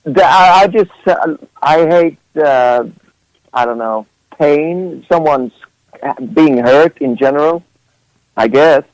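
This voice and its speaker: A man's voice: fairly high pitch, slow, a little mellow, no room sound, poor audio. Swedish-native man, playful guest. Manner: playful, laughs often, hesitant fillers. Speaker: musician guest. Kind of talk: casual radio interview.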